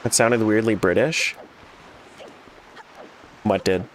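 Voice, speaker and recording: A man's voice: on the low side, slow, a little hiss or hum. A man streaming a randomizer game, chatting casually and joking with his chat as he plays. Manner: joking, animated, talks back to chat.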